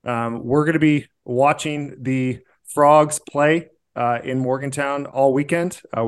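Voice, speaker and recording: Brief: male co-host, mid-pitched voice, loose and jokey. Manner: jokey, laughs often. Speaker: podcast co-host. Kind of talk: casual podcast interview.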